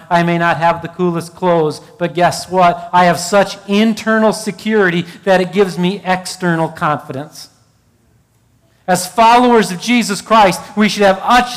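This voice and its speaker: A man's voice: sits high, fairly bright tone, smooth, long reverb tail. A middle-aged man preaching a sermon as pastor, building emphasis and telling stories to illustrate his point. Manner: preaching with rising emphasis and storytelling asides.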